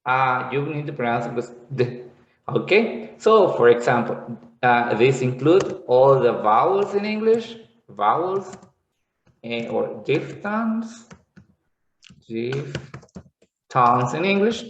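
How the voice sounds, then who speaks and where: Male teacher, patient classroom explaining; slow, roomy lo-fi sound. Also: medium pitch, big pitch swings, slight background noise. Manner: explains slowly, repeats words, checks in with "okay". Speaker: English teacher. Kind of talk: classroom lesson. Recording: echoey room, dull lo-fi sound.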